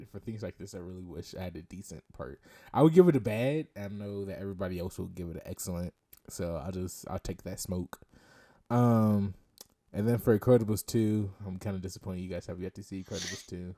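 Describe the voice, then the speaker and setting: A man's voice: fairly low pitch, warm tone. Joking, laughing man hosting a podcast. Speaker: podcast host. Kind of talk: casual chat. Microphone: video call.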